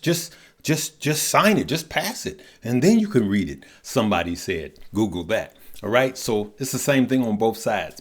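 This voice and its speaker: Upbeat man with a low voice hosting a stock show. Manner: upbeat, chatty, laughs at the news; drawling, calls viewers "good people" and "y'all". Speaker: host of a stock market show. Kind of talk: casual market commentary.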